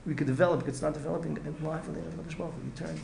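Slightly high and steady in tone, this male rabbi's gravelly voice races through an earnest Torah lecture. He repeats points, restarts phrases, and mixes in Hebrew and Yiddish, while background noise and faint ambience fill an echoey room.

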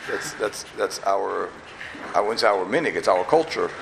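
A rabbi from Borough Park, giving an emphatic yeshiva talk full of repeated questions and wry asides. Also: male voice, fairly low pitch, animated, moderate pace, creaky, background noise. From Borough Park, New York.

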